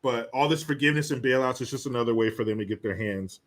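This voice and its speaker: A man's voice: medium pitch, fast talker. A man hosting a live political commentary show, ranting heatedly and swearing freely. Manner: reads viewer comments aloud.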